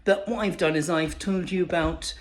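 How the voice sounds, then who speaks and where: A man's voice: a little high, steady tone, normal speed. A man, a comedian, casually and hesitantly explaining a viewer's request in his plain voice.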